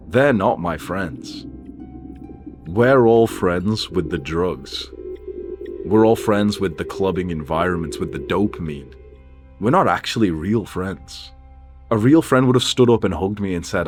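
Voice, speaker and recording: A young man in his twenties tells a personal story in a casual, animated way, swearing freely. His voice sits on the lower side. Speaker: vlogger.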